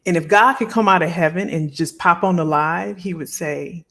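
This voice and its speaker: A woman's voice: fairly low pitch, normal speed, a bit bright. A middle-aged woman hosting a live stream, chatting casually and heartfelt with her viewers and often repeating phrases. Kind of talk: casual chat to a live audience.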